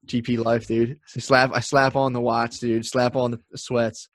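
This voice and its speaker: A man, a comedian hosting a podcast, telling a profane, animated story in casual chat and acting out the people in it. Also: medium pitch, unhurried, dry recording, studio quality.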